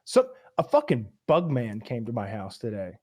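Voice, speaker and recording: A man hosting a podcast who tells a story in an animated, ranting way and swears often. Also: mid-range voice, normal speed, no echo, clean studio sound. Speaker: podcast host. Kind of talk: casual storytelling chat.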